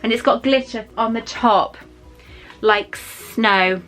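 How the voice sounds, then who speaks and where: Lady in her 40s gabbing through an unboxing, bright higher voice, bit of music behind. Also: takes it slowly. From Wales. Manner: chatty and emotional, drifting into asides. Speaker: vlogger. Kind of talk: casual unboxing chat.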